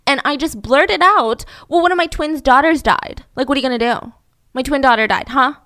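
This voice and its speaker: A woman's voice: sits high, normal speed, pushed and bright, no room sound, studio quality. A woman voicing a flippant, scheming young mother who tells careless lies in an offhand way.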